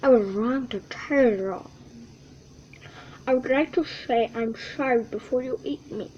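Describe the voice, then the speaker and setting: High-voiced young woman reading slowly. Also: darkish tone, dull audio, slight background noise. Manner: halting, stumbling over words, with asides. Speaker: reader. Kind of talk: reading a children's story aloud.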